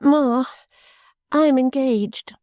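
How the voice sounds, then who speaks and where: A sobbing young woman pleading with her mother in a high, wavering, tearful voice, as an audiobook narrator puts her on. She sounds childlike and breathy, with a mellow, dry close-up sound. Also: measured pace, no room sound. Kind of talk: audiobook character voice.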